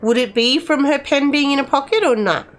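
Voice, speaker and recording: A woman's voice: high voice, fairly quick. A middle-aged woman commenting casually on a game, chatty and rambling, speaking to the characters as if they were friends. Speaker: gamer playing and commenting.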